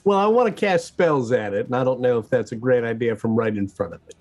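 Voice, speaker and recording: A man's voice: mid-range voice, lively intonation, fast talker, darkish tone, dull audio. A man playing a tabletop game, wry and chuckling as he explains his moves. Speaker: player.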